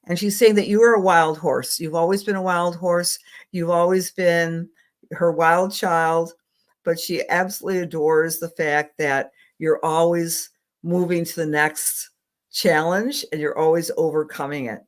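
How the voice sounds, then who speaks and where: A woman's voice: on the low side, steady tone, unhurried. A middle-aged woman astrologer giving psychic readings on a live stream, affectionate and rambling, with many fillers.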